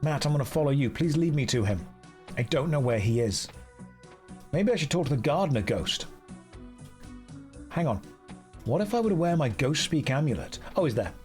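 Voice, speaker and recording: A chatty male streamer talking through a game in a casual, self-mocking way. His voice is fairly high and very lively, bouncing around as he talks. Soft music plays under him. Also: normal speed, pauses often. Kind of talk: casual live-stream commentary.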